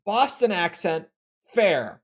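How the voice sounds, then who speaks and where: A man's voice: high voice, takes it slowly. A young man with an American Midwestern accent chatting casually on a live game stream, opinionated and rambling. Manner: opinionated, animated, rambling with restarts.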